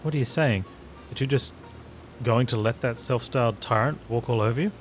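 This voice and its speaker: A brash warrior woman from a fantasy game sneers and scolds in a blunt, swaggering way, as a man reads her lines. The pitch stays in an ordinary middle range. Game music plays loudly throughout. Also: brisk, natural voice. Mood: scornful. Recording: loud game music behind.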